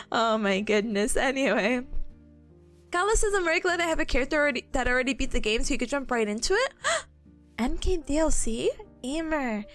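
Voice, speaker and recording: A woman's voice: high-pitched, very animated, normal speed, fairly bright tone, soft background music. A young woman streaming and chatting casually with her viewers, bubbly and giggly, with a lot of laughter and playful complaining.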